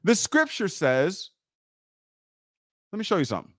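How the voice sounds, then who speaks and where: A man's voice: sits high, wildly swooping pitch, unhurried, no room sound, clean studio sound. A man teaching on a livestream in an emphatic way. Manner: emphatic, muttering while searching his screen.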